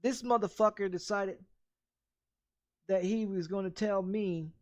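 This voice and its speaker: A man's voice: sits high, a little slow, long pauses, dry recording. A man in his thirties, a game streamer, telling a story in a heated, profane rant full of repeats. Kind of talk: casual storytelling during a gameplay stream.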